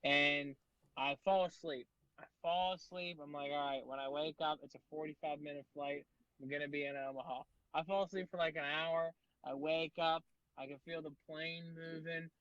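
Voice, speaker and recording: A man with a fairly high voice tells rambling, animated stories on a podcast, packed with fillers and curse words. The sound is dull and lo-fi, and the room is dry and close. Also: moderate pace, no room sound. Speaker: guest comedian. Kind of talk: casual storytelling chat.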